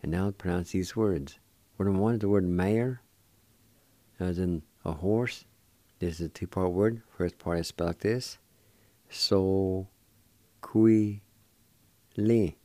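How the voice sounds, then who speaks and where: Teaching vocabulary on the radio, this host speaks in a low, mellow voice at a moderate pace in a dry recording. With patience, he spells out each word letter by letter and says every pronunciation twice over.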